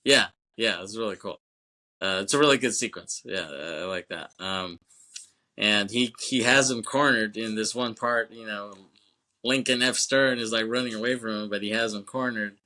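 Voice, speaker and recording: A man co-hosting a laid-back movie podcast, rambling through his thoughts and peppering them with "you know what I'm saying" and the odd curse. His voice sits a little low but carries a bright, forceful edge. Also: normal speed. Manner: swears casually. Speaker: podcast co-host. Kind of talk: casual film podcast chat.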